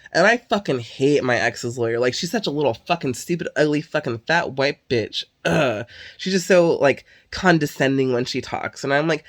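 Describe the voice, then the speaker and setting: A woman's voice: low-pitched, expressive, normal speed. A woman venting in a casual monologue, swearing constantly, sighing and filling her talk with "like". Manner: heavy swearing, exasperated ranting; sighs and filler "like" often. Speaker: vlogger.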